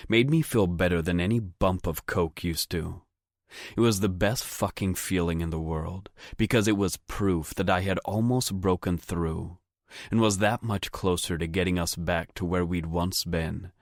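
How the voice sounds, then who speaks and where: Deep-voiced man, first-person romance audiobook narrator, close dry studio sound. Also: moderate pace, dry recording. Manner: low, intimate, frequent swearing.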